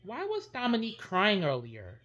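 A woman's voice: mid-range voice, wildly swooping pitch, normal speed, fairly bright tone, breathy edge, dull audio, full character voice. Luigi, the sweet brother played by a woman. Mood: curious. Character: friendly younger male plumber brother. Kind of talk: kids' toy play video.

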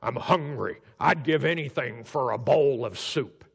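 A man's voice: medium pitch, measured pace, vocal fry, slightly rough. Big dumb hungry hunter guy, pastor putting him on, roomy hall. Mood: blunt. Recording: long hall reverb.

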